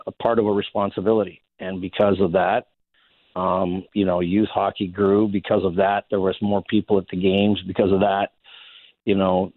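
Ex-hockey man, low voice, rambling anecdotes, phone-quality, dry sound. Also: no room sound. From Saskatchewan, Canada. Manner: rambling, many restarts, chuckles through stories. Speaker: interview guest, former hockey player. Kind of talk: casual anecdotal storytelling. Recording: phone-like narrow band, dry.

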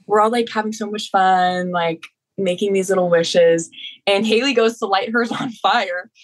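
A young woman in her twenties, a podcast guest, telling stories in a relaxed, giggly chat. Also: mid-range voice, moderate pace, poor audio. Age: 20s. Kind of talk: casual chat.

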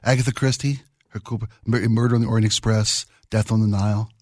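A man's voice: fairly low pitch, steady tone, quick pace, darkish tone, dry recording, studio quality. A middle-aged man hosting a radio show, chatting casually and enthusiastically, rambling about old television. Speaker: radio host. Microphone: studio microphone.

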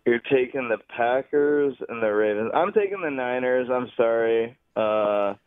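A confident man calling in to a sports show, chatty and quick to laugh. His mid-pitched voice comes through a thin, tinny phone line with no room sound. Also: clear, resonant tone, dry recording. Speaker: caller. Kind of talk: call-in sports chat.

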